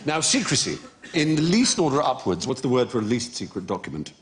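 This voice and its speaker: Older quiz host with lively pitch. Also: male voice, fairly quick, a little hiss or hum. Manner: erudite, laughs often. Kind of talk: quiz show banter.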